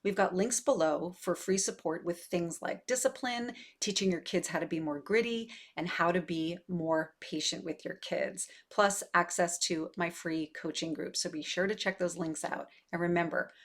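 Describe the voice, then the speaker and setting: A woman's voice: fairly low pitch, moderate pace, hardly any pauses. A woman in her forties, a parenting coach, talking candidly and conversationally to her viewers, with many fillers. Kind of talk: casual direct-to-camera talk.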